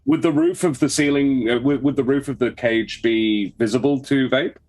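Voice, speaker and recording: A man's voice: medium pitch, normal speed, a little mellow. Hesitant male tabletop player. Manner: hesitant, full of restarts. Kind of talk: casual tabletop play.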